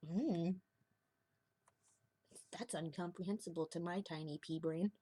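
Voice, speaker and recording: A young woman talks to camera in a loose, confessional ramble, often laughing and sinking into a whisper. Her voice sits low and slightly husky. The sound is dry and close, with no room around it. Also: fairly even intonation, unhurried, mellow, dry recording. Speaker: vlogger. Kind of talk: confessional casual monologue.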